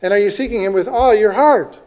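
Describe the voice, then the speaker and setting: A man with a notably high voice preaches a Bible-teaching sermon. He is earnest and keeps asking his listeners "okay?" or "right?". He slows down to read scripture with weight. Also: a little mellow. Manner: reads scripture aloud slowly with emphasis. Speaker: pastor.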